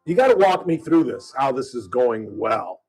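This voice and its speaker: A man's voice: mid-range voice, sing-song, normal speed, darkish tone, husky, soft background music, poor audio. A male talk radio host speaking from a studio, delivering a combative opinion monologue full of rhetorical questions. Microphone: studio microphone.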